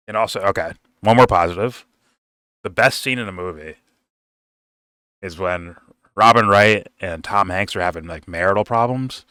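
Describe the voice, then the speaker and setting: A man's voice: sits low, pushed and bright, clean tone, no room sound, studio quality. A man giving a casual, rambling film review, swearing freely and laughing often.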